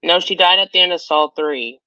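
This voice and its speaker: A man co-hosts a casual podcast in a bright, tense voice, hesitating as he speaks. The sound is dry and dull, like a lo-fi home setup. His pitch sits a bit above the usual. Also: normal speed, no echo. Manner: hesitant, self-conscious. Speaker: co-host.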